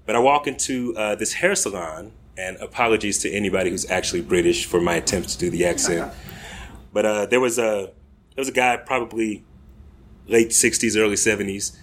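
A young American man spinning a casual podcast anecdote, loose and chatty, full of fillers and easy laughter. His voice sits fairly low, and a faint hiss sits under the recording. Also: normal speed. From United States. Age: young adult. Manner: laid-back, laughing, filler-heavy. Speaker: podcast host. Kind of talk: casual storytelling.

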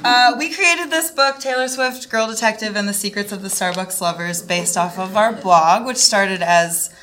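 A woman's voice: medium pitch, moderate pace, noisy background. A woman author introducing her book at a live reading, chatty and wry, with fillers. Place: live venue with audience.

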